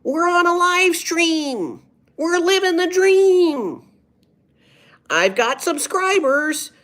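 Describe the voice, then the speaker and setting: A man putting on a giddy, over-the-top impression of a male comedian, shrieking with excitement. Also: extremely high pitch, slow, voice pushed up, exaggerated voice. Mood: hyper excited. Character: hyper, giddy man impersonating a celebrity comedian.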